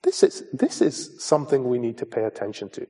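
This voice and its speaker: An earnest male preacher delivers a sermon in a mellow, darker voice with a husky edge. He is emphatic and direct, talking to his listeners as folks. His pitch sits at an ordinary middle level for a man. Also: wildly swooping pitch, fairly quick.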